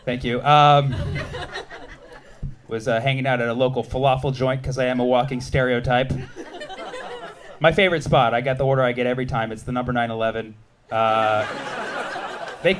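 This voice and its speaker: A man in his thirties doing stand-up comedy on a club stage, teasing the crowd with a punchy, wry delivery. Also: on the high side. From United States.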